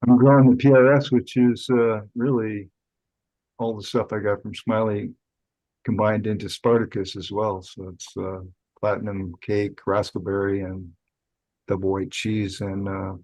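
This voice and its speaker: A man's voice: fairly low pitch, flat delivery, normal speed, darkish tone, no echo, poor audio. A man chatting casually about his growing, laid-back and rambling with fillers. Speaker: home cannabis grower guest. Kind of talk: casual group chat.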